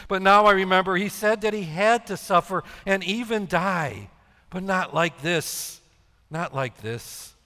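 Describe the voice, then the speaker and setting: A man's voice: high voice, pushed and bright. A man playing Simon Peter, anxious and guilt-ridden. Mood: regretful. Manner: agitated, halting, self-reproaching questions. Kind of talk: dramatic monologue. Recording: echoey hall with long reverb.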